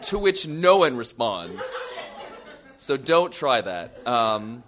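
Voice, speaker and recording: A young man telling an embarrassing story on stage, animated and self-deprecating, with frequent asides. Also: mid-range voice, slow, background noise. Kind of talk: live comic storytelling.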